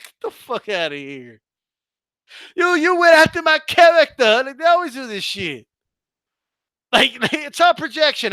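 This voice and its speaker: A man's voice: very high-pitched, bright, forceful tone, dry recording. A man hosting a boxing livestream, ranting heatedly with profanity and stammering restarts.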